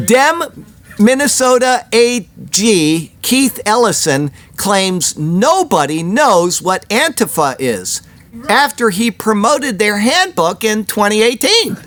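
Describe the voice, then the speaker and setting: A man's voice: high voice, fairly bright tone. A man hosting a weekly news commentary show, chatty and opinionated, with rambling personal asides. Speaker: host of a weekly prophecy news report.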